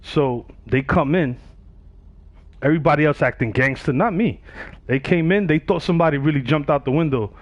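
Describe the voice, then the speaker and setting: This man streams games and is casually recounting a story, impersonating the other characters as he goes. His pitch is fairly high and his pace fairly quick. The dry recording has a dull quality.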